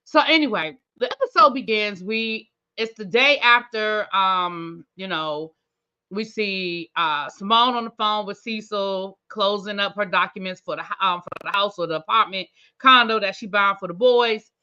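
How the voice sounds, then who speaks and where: A woman hosts a TV review channel, recapping an episode in loose, chatty talk. She thinks aloud and speaks straight to her viewers, in a bright, forward voice. The sound is dull and lo-fi. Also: medium pitch, normal speed, smooth. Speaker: TV review host. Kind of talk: casual recap chat.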